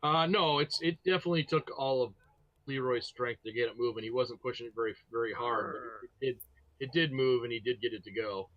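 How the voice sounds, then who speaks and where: A man's voice: medium pitch, fairly quick, no echo, muffled recording. A man narrating as game master of a tabletop game, casual and hesitant with fillers.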